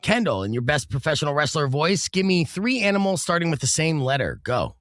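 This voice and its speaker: Lively, bright-voiced male game host. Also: on the high side, fairly quick, dry recording. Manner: upbeat, playful quizmaster, laughs often. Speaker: podcast host running a game. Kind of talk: casual comedy podcast.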